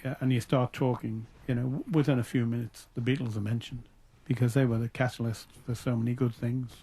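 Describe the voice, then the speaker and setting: An older man from Liverpool with a mellow, warm voice and a Liverpool accent. He answers interview questions reflectively, often restarting his sentences as he thinks back. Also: mid-range voice, flat delivery, fairly quick, husky. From Liverpool, England. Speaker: interview guest. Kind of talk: radio interview.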